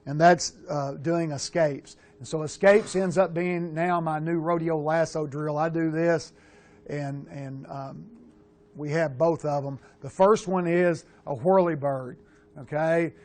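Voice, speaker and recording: Middle-aged male QB coach, blunt and animated, slightly higher voice, swears casually while breaking down film. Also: measured pace. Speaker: quarterback coach.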